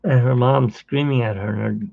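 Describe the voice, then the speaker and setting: Very gravelly, tired man on a tinny line. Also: mid-range voice, brisk, no room sound. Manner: rambling storyteller, hums while working. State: tired from little sleep. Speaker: artist hosting a live drawing stream. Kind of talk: casual live-stream chat while drawing.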